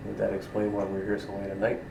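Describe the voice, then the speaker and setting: A man's voice: fairly low pitch, monotone, fast, gravelly, warm tone, slight background noise, rough recording. A man playing a tabletop game, easygoing and joking. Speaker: player.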